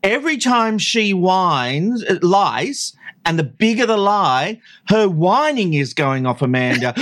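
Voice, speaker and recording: A man's voice: high-pitched, sing-song, a little slow, fairly bright tone. A man co-hosting a podcast, narrating and joking in a playful, chatty way. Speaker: podcast co-host. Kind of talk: casual analytical chat.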